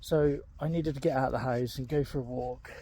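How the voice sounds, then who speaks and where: In this casual walking vlog, a middle-aged man sounds mid-range, steady, dark and brisk, with slight background noise. He's limping and in pain as he walks his dog outside, recorded on an earbud mic, rambling candidly with frequent ums.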